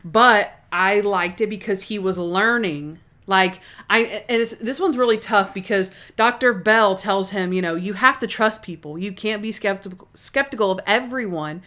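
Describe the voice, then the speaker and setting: A woman's voice: medium pitch, measured pace, fairly bright tone. A woman co-hosting a podcast in casual chat, eager and full of fillers. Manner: chatty, many fillers, eager. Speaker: podcast co-host.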